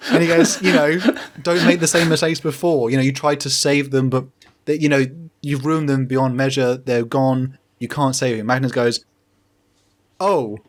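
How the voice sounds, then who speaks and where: A man on a podcast giving a joking, casual recap and playing each character in quick paraphrase, often laughing. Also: mid-range voice, level tone. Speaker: podcast host.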